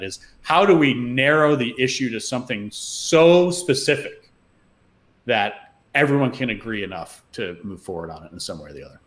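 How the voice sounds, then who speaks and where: Male guest, lowish voice, unhurried and reflective, fills pauses with "uh" while spinning stories. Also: fairly bright tone. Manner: thoughtful, storytelling, many "uh" fillers. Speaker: podcast guest, fund founder. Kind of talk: casual interview chat.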